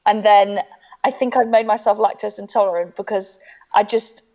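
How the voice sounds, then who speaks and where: A woman chats and tells stories at a mid pitch, running herself down with a steady stream of "um"s and "like"s. Her voice arrives over a dull, lo-fi video call line, as though heard through a laptop. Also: moderate pace. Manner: self-deprecating storytelling, chatty, many fillers. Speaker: comedian guest. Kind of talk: casual chat on a video call.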